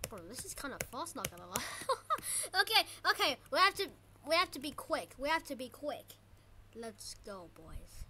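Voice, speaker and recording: Super high-pitched woman doing gameplay commentary, bouncy voice all over the place, yells and panics a lot. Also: slight background noise. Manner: excitable, panicky, shouts and yelps during fights; quick repeated words when flustered. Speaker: gaming channel host.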